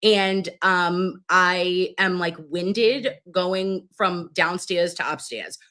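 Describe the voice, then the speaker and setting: A middle-aged nurse hosting a live stream, chatting with viewers and reading their comments while she gets over pneumonia and keeps clearing her throat. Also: on the low side, extremely slow, fairly bright tone. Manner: chatty, calls viewers babes, reads comments aloud. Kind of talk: casual live stream chat.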